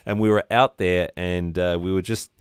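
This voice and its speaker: Deep-voiced Australian man hosting. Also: steady tone, moderate pace, clear, resonant tone, no room sound, clean studio sound. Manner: chatty storyteller, rambling with fillers. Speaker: livestream host. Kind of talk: casual interview chat.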